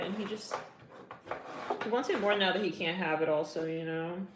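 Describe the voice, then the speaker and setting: A woman's voice: fairly low pitch, moderate pace. A woman giving a casual tarot reading, chatty and slangy, getting emotional as she talks. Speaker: tarot reader. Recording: echoey room, faint noise.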